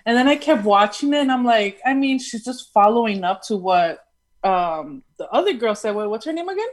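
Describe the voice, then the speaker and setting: A woman's voice: on the high side, lively intonation, fairly quick. A woman on a talk show panel giving her view in casual chat, hesitant and full of ums. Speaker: guest panelist.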